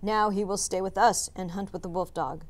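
A woman voicing a gruff red-bearded hunter chief in a storybook read-aloud, speaking in a stern, commanding way. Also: mid-range voice, steady tone, moderate pace, lightly acted.

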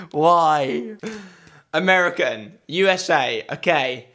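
A man's voice: a little high, animated, moderate pace, a bit bright. A young man with an English accent doing a casual, flustered accent challenge video, laughing at himself. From England. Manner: self-deprecating, giggly, flustered. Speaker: vlogger.

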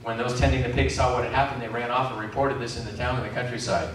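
A man's voice: medium pitch, fairly even intonation, fast, a bit bright, a little hiss or hum. A man preaching a sermon, calling out questions to the congregation. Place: community centre hall. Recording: echoey hall from far off.

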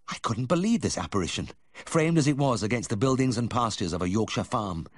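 A man narrating a first-person memoir audiobook in a measured, expressive storytelling manner. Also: mid-range voice, no room sound, clean studio sound.

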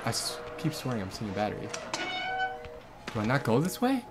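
A man hosting a horror game let's play, reacting out loud, swearing often and bursting into startled shouts. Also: mid-range voice, huge pitch swings, brisk, over loud music. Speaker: gaming channel host.

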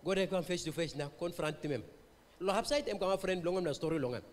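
A man with a Papua New Guinean accent preaches at a revival meeting, his voice sitting high for a man. He moves back and forth between English and Tok Pisin and keeps asking the listeners questions. The sound carries a long reverb from the church hall. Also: fairly quick. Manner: mixes English and Tok Pisin, quizzes the congregation. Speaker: pastor. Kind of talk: revival sermon.

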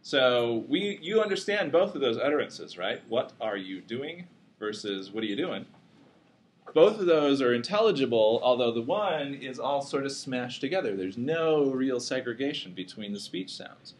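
A man's voice: mid-range voice, big pitch swings, moderate pace, few pauses. A man teaching a psychology class, lecturing casually and joking with his students. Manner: casual, joking, self-deprecating.

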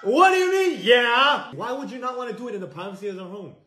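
Exasperated, animated high-voiced young man. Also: fast, roomy sound. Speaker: comedy skit partner. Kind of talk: scripted couple comedy skit.

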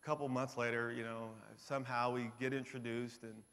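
A man's voice: medium pitch, fairly quick. A man speaking at a conference, telling a personal testimony with self-deprecating humor and acting out the voices of people in his story. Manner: animated, acts out quoted voices. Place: conference hall. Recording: long hall reverb.

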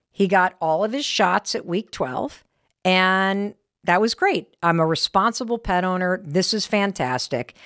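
A middle-aged woman with an American accent, hosting a podcast and telling a candid story in an animated way. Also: on the low side, no echo, clean studio sound. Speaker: podcast host. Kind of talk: motivational podcast talk.

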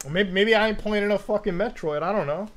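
A young man streaming, ranting casually and profanely, now and then breaking into loud shouts and laughter. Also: sits high, fast. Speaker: streamer reacting to videos.

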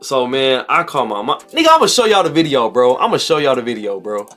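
Animated young man telling a story. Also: mid-range voice, brisk, soft background music. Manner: animated, slangy, repeats himself and jumps ahead excitedly. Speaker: vlogger. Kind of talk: casual storytelling vlog.

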